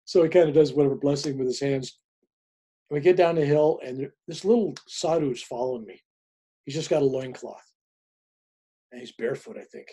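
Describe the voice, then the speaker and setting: A man in his seventies, a spiritual author appearing as a guest, who tells stories in an animated way and chuckles as he goes. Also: mid-range voice, normal speed, pauses often, husky. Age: 70s. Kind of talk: casual storytelling.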